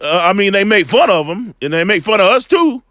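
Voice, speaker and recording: A man giving a loose, slangy scripture lesson, full of fillers and repeated "all right", slowing down when he reads the verses. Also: high voice, big pitch swings, fairly bright tone, no echo, clean studio sound. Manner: reads scripture slowly and deliberately. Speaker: bible teacher.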